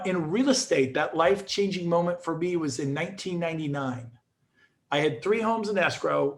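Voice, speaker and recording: A middle-aged man gives an energetic motivational talk, piling up restarts as he tells his stories. His voice sits a little high for a man and has a gravelly edge. He speaks as a guest on a show. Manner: energetic storytelling with repeated restarts.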